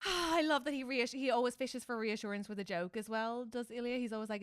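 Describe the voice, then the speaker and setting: A woman co-hosting a podcast in lively casual chat, bouncing between quick asides and acted-out lines from the show. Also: fairly high pitch, smooth, no room sound, studio quality. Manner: animated, quick asides, acts out characters' lines. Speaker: podcast co-host.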